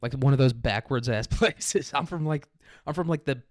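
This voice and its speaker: A man's voice: medium pitch, moderate pace, no echo, clean studio sound. A young man from the American Midwest hosting a podcast in a crude, rambling comedy monologue, laughing often. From Kansas City area, American Midwest. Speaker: podcast host.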